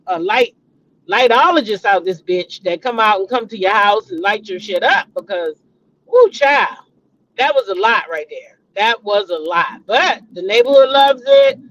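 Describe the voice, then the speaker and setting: A middle-aged woman hosts a casual commentary show, chatty and loose, swearing and calling her viewers y'all. Her voice sits at a middle pitch. The recording is a bit dull, with faint hiss behind it. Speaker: host.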